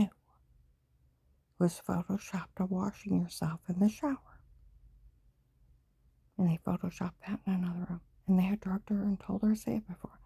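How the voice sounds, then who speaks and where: Gravelly, breathy woman whispering urgently. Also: lowish voice, dry recording. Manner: mostly unvoiced whisper with sudden louder outbursts; breathless, urgent, run-on storytelling. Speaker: vlogger. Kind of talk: rambling personal monologue.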